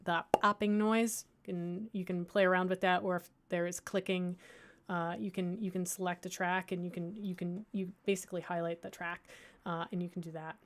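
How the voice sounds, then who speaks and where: A woman librarian giving a casual software tutorial, thinking aloud, with lots of fillers and restarts and a playful, self-mocking humor. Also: lowish voice, level tone, moderate pace. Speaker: librarian teaching audio editing.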